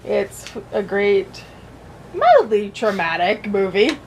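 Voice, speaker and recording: A woman's voice: medium pitch, very animated, takes it slowly, a little hiss or hum. Chatty woman reading a storybook aloud. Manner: chatty, joking asides. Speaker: vlogger. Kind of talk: storybook reading with casual asides.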